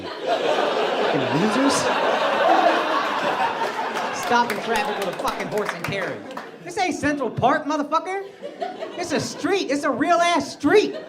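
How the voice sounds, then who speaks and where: Brash profane man roasting a loud crowd. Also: very high-pitched, expressive, moderate pace, long pauses. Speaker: stand-up comedian. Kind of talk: stand-up crowd work. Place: live comedy club stage. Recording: loud crowd laughter, noisy live club.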